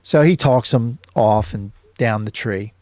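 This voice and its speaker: Rambling low-voiced man recapping a film. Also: unhurried, a little mellow, dry recording, studio quality. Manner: rambling, many ums and uhs. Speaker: show host. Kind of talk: casual film commentary.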